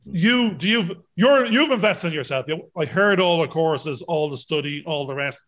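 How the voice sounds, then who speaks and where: A co-host in casual interview chat, jokey and quick to jump in with questions. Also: male voice, a little high, lively intonation, a bit bright.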